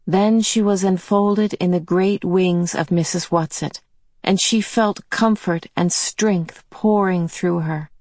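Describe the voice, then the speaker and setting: A woman narrating a novel in a calm, measured reading voice. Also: lowish voice, dry recording. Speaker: audiobook narrator. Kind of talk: scripted narration.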